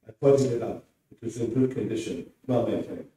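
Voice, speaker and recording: A man reads his own prose aloud in a steady, measured way. His voice is mellow and far from the mic, filling an echoey hall. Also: medium pitch, slight background noise. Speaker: writer reading his work. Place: presentation room.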